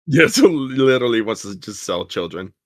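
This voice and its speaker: A man's voice: mid-range voice, big pitch swings, moderate pace, fairly bright tone, dry recording. A man in casual stream chat, ranting bluntly and profanely with many restarts.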